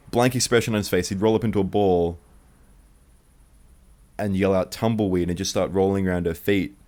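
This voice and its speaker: A man's voice: deep voice, darkish tone. A young man telling a true childhood story in one take, rambling and profane.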